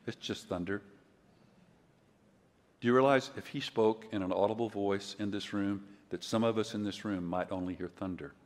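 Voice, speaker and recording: An older man giving a conference sermon, telling stories in a conversational way and acting out quotes loudly. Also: fairly low pitch, steady tone, a little fast, hardly any pauses. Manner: conversational storytelling, loud acted quotes. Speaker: preacher. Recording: long hall reverb.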